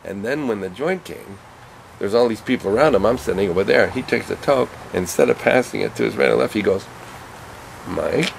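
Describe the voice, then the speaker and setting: A male comedian from Canada telling animated stories in an interview, acting out the people in them. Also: fairly low pitch, fast, creaky, low-quality recording. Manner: animated anecdotes, voices other people. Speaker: comedian guest. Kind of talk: storytelling interview. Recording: background noise, vehicle sounds.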